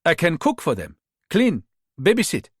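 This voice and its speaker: A woman's voice: lowish voice, wildly swooping pitch, normal speed, husky, dry recording, studio quality, pitched above the performer's own voice, full character voice. A man voicing a young female undercover agent who speaks in a Ghanaian accent, polite and deferential. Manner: polite, deferential, asks for work.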